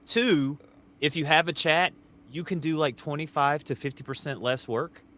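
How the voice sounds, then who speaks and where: A man's voice: on the high side, normal speed, bright, forceful tone. A man guesting on a wrestling podcast, riffing playfully with crude jokes. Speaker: guest co-host. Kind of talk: casual banter.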